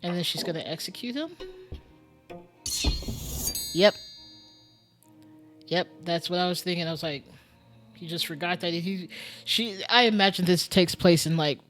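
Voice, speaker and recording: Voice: mid-range voice, unhurried, long pauses, a bit bright, faint music behind. A streamer thinking aloud during a casual live-stream game commentary, muttering and musing with lots of fillers.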